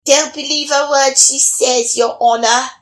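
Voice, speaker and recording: A woman's voice: sits high, fairly even intonation, unhurried, pitched above the performer's own voice. A woman voicing a lazy, sly young country girl in a storybook reading, with a pleading, cheeky way of talking. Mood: protesting.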